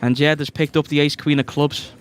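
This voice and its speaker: Excitable Scouse poker commentator. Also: male voice, fairly high pitch, brisk, slight background noise. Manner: excitable, shouts out big cards.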